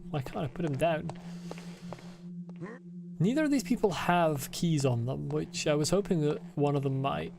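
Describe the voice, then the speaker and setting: A man's voice: fairly high pitch, expressive, moderate pace, gravelly, long pauses, background noise. A man casually commentating his game playthrough, laid-back and swearing freely. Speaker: gaming channel host.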